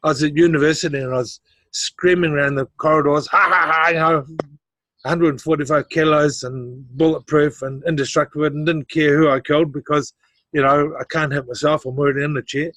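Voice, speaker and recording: A middle-aged man with a slightly raised pitch tells his story as an interview guest, acting out other people's voices as he goes. His delivery is animated and punctuated by laughs. The sound is dry and close, with no room echo. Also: a little fast.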